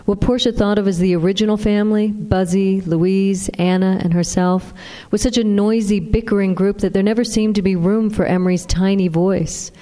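A woman narrating an audiobook in a steady, even reading. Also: mid-range voice, moderate pace. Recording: long reverb.

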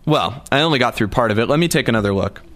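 A man's voice: mid-range voice, lively intonation, quick pace, fairly bright tone, close to an everyday voice. A man doing sardonic, teasing Anton. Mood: cajoling. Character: Anton, a mocking, self-assured man, a roommate.

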